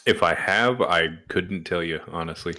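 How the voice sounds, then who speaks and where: A man's voice: low-pitched, moderate pace, bright, forceful tone. A man chiming in on a livestream with amused, laughing remarks. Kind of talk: casual chat.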